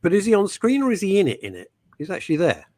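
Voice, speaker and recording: A man's voice: sits high, huge pitch swings, fast talker, darkish tone, no room sound. A man hosting a talk show, bantering and teasing in a theatrical way. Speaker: host.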